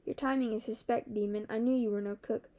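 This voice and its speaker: A woman's voice: on the high side, steady tone, fast talker, warm tone, natural voice. A woman voicing a cruel, sneering male soldier leader who barks orders and taunts his captive. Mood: cold. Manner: sneering, commanding.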